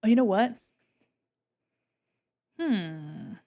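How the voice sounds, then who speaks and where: A woman's voice: medium pitch, lively intonation, very slow, mellow. A woman streamer chatting casually while she draws. She is bubbly, greets her chat and exclaims often.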